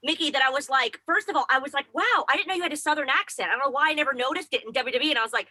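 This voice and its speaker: Co-host, woman, rapid and gushing, high bright voice, dry sound. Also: dry recording, low-quality recording. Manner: fast, effusive, gushing. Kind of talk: casual chat.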